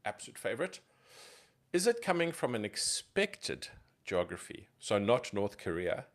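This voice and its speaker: A man's voice: mid-range voice, very animated, measured pace. Emphatic man asking rhetorical questions. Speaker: podcast co-host. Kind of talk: conversational tech podcast explanation.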